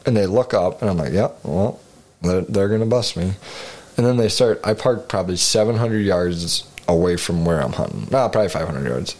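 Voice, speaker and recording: A man's voice: low voice, expressive, brisk, darkish tone. A man co-hosting a podcast, rambling through a hunting story in casual chat with frequent swearing. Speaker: podcast co-host.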